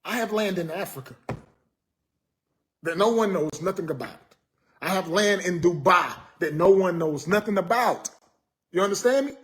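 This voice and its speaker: High-pitched with a fairly bright tone, this man rants casually to his viewers on a live stream. He's exasperated yet joking, repeats himself, and keeps tacking on "man."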